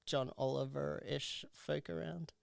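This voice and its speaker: Gravelly man chatting on a podcast. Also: fairly high pitch, fairly even intonation, measured pace, no echo. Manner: easygoing, laughs readily, trails off mid-thought. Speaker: podcast co-host. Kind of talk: casual podcast chat.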